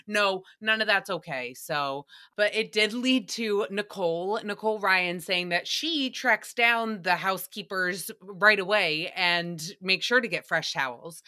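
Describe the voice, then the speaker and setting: A woman's voice: mid-range voice, pushed and bright. A woman hosting a casual recap podcast, talking in a sassy, chatty way and swearing freely. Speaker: podcast host.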